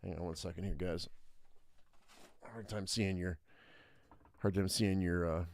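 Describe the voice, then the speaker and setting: A man's voice: low-pitched, steady tone, unhurried, gravelly. A man streaming a live text adventure, thinking aloud and reading the story with many hesitant fillers. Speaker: streamer playing an interactive fiction game.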